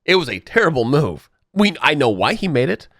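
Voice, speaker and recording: Animated, emphatic man arguing politics. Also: a little high, fairly quick, no room sound, studio quality. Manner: emphatic, profane, argues by hypothetical analogy. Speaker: podcast co-host. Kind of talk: heated political debate.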